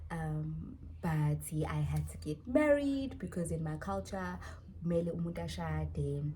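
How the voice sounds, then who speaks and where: A woman voicing a smooth-talking married man in his twenties, speaking low, soft and calm. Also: a little slow, a little hiss or hum, natural voice. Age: 20s.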